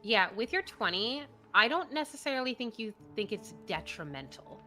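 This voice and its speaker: A woman's voice: a little high, big pitch swings, moderate pace, sharp tone, soft background music. A woman narrating as game master of a tabletop game, casual and descriptive. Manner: casual, descriptive, frequent fillers.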